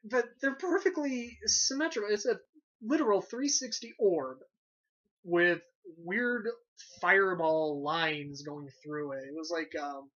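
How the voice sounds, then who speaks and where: Young man, movie review host, sarcastic, animated, casual swearing, muffled lo-fi audio. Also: sits high, measured pace. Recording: dull lo-fi sound.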